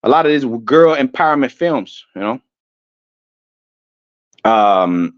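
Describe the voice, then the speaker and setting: A man giving a ranting commentary, loud and emphatic, stumbling over repeated words as he reads definitions aloud. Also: mid-range voice, animated, slow pace, smooth, no room sound. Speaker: online commentator. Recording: dull lo-fi dry sound.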